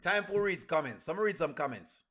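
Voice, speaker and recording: Bright, high Jamaican man streaming. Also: expressive, fairly quick, soft background music. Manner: asks the chat rhetorical questions, creole grammar. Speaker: reaction streamer. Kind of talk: casual live reaction commentary.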